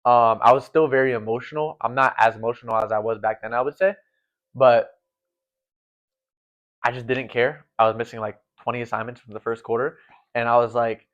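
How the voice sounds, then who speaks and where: A late-teen guy, once a volleyball setter, chats as a guest in a casual, earnest way, rambling and dropping plenty of fillers. His medium-pitched voice is steady, somewhat bright, and fairly quick. The recording is dull and lo-fi.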